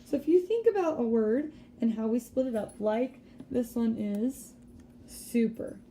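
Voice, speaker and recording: A woman teacher giving a recorded spelling lesson, patiently explaining step by step and sounding out words slowly. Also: a little high, lively intonation, warm tone, a little hiss or hum. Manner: slow deliberate word-by-word sounding out.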